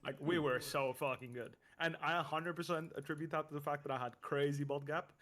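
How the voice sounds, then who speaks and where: A man's voice: fairly high pitch, fairly even intonation, a little fast, fairly bright tone. Rambling young man chatting on stream. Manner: rambling, repeats words, swears often. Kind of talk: casual chat on stream.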